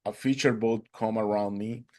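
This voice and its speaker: A man's voice: on the low side, steady tone, moderate pace, a little mellow. Earnest man, Spanish native, telling a story. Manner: earnest, non-native English phrasing; acts out quoted dialogue in a raised voice. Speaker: interview guest.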